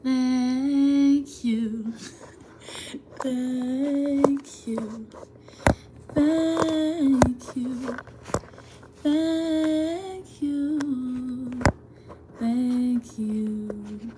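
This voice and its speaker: A woman on a live stream, thanking fans over and over, laughing often and drawing out slow thank-yous. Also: high voice, fairly even intonation, noisy background. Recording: echoey room with faint ambience.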